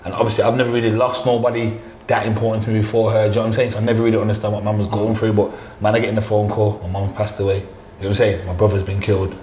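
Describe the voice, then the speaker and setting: A man's voice: fairly low pitch, little pitch movement, rapid-fire, warm tone, slight background noise. A man in casual chat, talking emphatically and calling the others bro. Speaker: podcast guest. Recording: echoey room.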